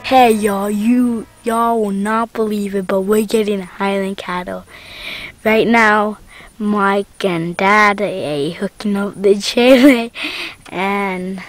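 A woman with a Texan accent telling the camera excitedly about a family trip, speaking slowly. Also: mid-range voice, faint music behind. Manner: excited, slow and drawn out. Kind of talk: casual chat to camera.

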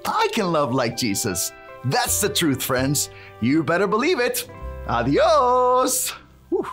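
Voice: medium pitch, huge pitch swings, slow pace, fairly bright tone, faint music behind, heavily acted. A performer playing a cheerful handyman who tells a children's Bible story, adds Spanish words, and cheers the kids on. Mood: cheery. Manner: sprinkles in Spanish words, bouncy and encouraging.

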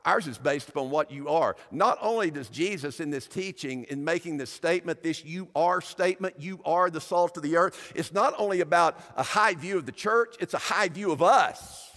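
A man preaching a sermon as pastor, emphatic, building up and dropping back in loudness. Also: fairly high pitch, moderate pace, hardly any pauses. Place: church sanctuary. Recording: long church-hall reverb.

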